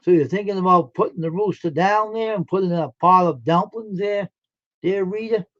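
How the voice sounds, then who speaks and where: A man's voice: high voice, moderate pace, fairly bright tone, lo-fi sound. A man hosting a live stream, chatting casually and folksily with his viewers and answering their comments.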